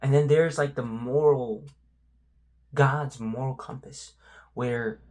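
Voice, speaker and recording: A man talking candidly about his faith in a personal vlog, reflective and halting, with many "you know" fillers and the odd soft whisper. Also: medium pitch, steady tone. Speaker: vlogger.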